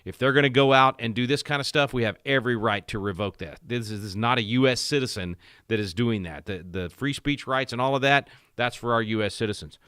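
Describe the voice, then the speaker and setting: Forceful male talk radio host, dry studio sound. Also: mid-range voice, fairly quick, hardly any pauses, smooth, dry recording. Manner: emphatic, rising sharply on key points, with many fillers and restarts.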